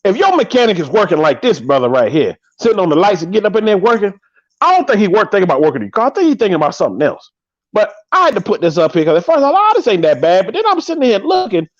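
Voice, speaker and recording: A man in his thirties hosting a live podcast, riffing with animated, joking commentary and drawn-out exclamations. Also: high-pitched, no room sound, highs cut off. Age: 30s. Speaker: podcast host.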